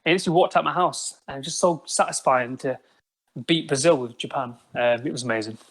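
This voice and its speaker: A man telling animated stories on a podcast, swearing often. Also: medium pitch, brisk. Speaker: podcast guest. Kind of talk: casual chat.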